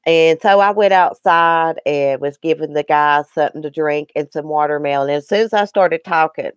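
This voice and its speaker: A middle-aged woman with a Southern Appalachian accent chats with her live audience in a low, unhurried voice. She sounds folksy and talkative, calling viewers by name. The sound is dry and close. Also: clear, resonant tone, dry recording. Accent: Southern Appalachian (Southwest Virginia). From Southwest Virginia, grew up partly in Eastern Kentucky. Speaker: livestream host. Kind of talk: casual chat with live viewers.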